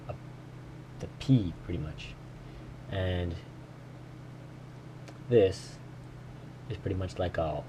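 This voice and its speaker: A man recording a casual study vlog, slowly sounding out and repeating words he is learning, with small self-deprecating laughs. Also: low voice, dark tone, slight background noise. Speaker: language learner vlogger.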